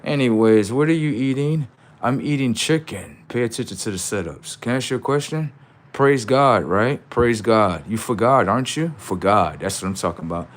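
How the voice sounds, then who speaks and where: A man hosting a livestream, lecturing his chat in a preachy, repetitive, profane way with sudden loud outbursts. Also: mid-range voice, lively intonation, moderate pace. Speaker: livestream host.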